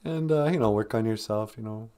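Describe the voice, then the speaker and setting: A middle-aged man with a lowish, dark-toned voice talks briskly as he hosts a laid-back livestream podcast. He kids around with viewers and slips into goofy voices.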